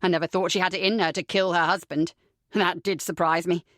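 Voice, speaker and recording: A woman's voice: fairly low pitch, steady tone, brisk, fairly bright tone, no room sound, clean studio sound, voice pushed down, lightly acted. A woman reading an audiobook, voicing a cruel, foul-mouthed young man who taunts his captive with contempt. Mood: menacing. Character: cruel sneering young man, villainous captor.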